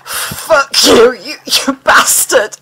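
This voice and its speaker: A woman voicing a tortured, desperate male FBI agent, raspy and croaking, stammering and crying out in anguish. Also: a little high, fairly even intonation, slow.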